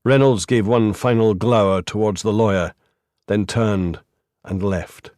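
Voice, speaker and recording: A man narrating a crime audiobook in a steady, measured storytelling voice. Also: lowish voice, dry recording, clean studio sound. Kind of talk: scripted narration.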